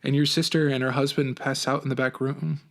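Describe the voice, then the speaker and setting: A man voicing a quiet, weary middle-aged father, speaking in a low, subdued way in a read-aloud story. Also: flat delivery, fairly quick, vocal fry. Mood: somber.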